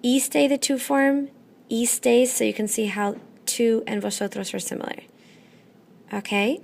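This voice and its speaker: A woman teaching a classroom lesson, patient and methodical, often pausing to check in. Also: a little high, flat delivery, vocal fry, darkish tone, slight background noise. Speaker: Spanish teacher.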